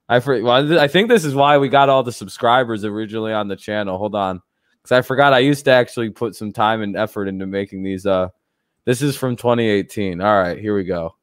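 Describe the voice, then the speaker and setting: A man's voice: lowish voice, brisk, no echo, studio quality. A man hosting a casual livestream, rambling loosely and swearing freely, with frequent laughs. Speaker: streamer host.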